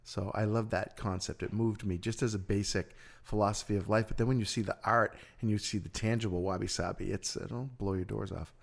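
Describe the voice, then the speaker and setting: A man's voice: lowish voice, steady tone, brisk, gravelly, hardly any pauses. A man hosting a podcast, chatting casually in an upbeat way, with frequent stammers and easy laughter. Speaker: podcast host. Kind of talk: casual chat.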